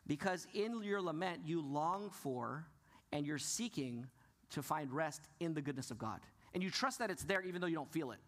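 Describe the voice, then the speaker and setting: Earnest preaching man, fairly high voice. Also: lively intonation, moderate pace, fairly bright tone. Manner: earnest, asks the congregation questions and answers them. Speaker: pastor. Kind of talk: sermon.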